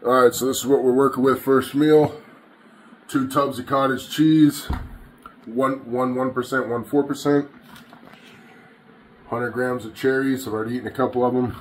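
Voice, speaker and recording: A man's voice: medium pitch, fairly even intonation, normal speed, long pauses. A man filming a casual fitness vlog in his home gym, full of profane, pumped-up self-talk and panting between sets. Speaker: fitness vlogger. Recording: echoey room with faint background hum.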